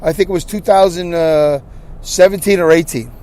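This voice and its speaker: A man's voice: a little high, steady tone, normal speed, darkish tone. A man hosting a podcast, telling a story in a casual monologue with exasperated ranting and frequent restarts. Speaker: podcast host.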